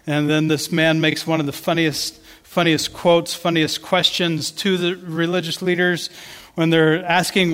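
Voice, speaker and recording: A man's voice: high voice, a bit bright, long reverb tail. A man giving a sermon, telling a story in a conversational way with many restarts. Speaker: pastor.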